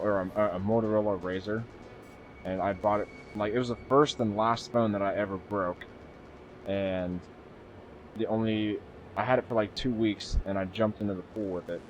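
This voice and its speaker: Chatting with viewers during a casual live stream, a young man plays a game, rambling and cursing freely. He speaks at a normal pace in a lowish voice with fairly even intonation, over dull lo-fi audio carrying faint music.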